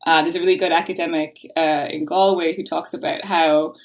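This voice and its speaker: A woman's voice: deep voice, steady tone, a little fast, a little hiss or hum. A young Irish woman, a law PhD candidate, talking frankly and thoughtfully as a podcast guest, with frequent ums and restarts. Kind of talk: casual interview chat.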